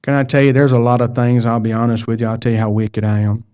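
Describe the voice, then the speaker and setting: A man's voice: medium pitch, little pitch movement, quick pace, warm tone, clean tone. A man preaching a sermon, telling a personal story in a folksy way and repeating words as he goes. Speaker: pastor. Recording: dull lo-fi sound.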